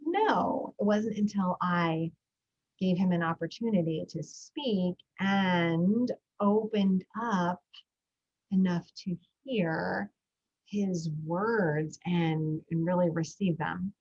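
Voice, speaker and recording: A woman's voice: on the low side, slow, a little mellow, husky, highs cut off. A middle-aged woman, a parenting coach, talking in a reflective, storytelling way about her own family life. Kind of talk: podcast talk with a guided breathing moment.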